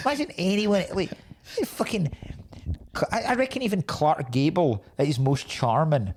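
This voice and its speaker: A man co-hosting a podcast, talking casually and swearing freely as he picks a film apart. His pitch swings widely as he acts out lines, and he laughs often. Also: expressive, moderate pace, darkish tone. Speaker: podcast co-host.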